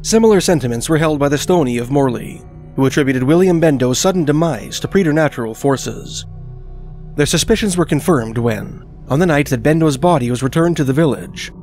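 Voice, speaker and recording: A man reading a scripted documentary narration in a measured, even storytelling manner. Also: fairly high pitch, soft background music.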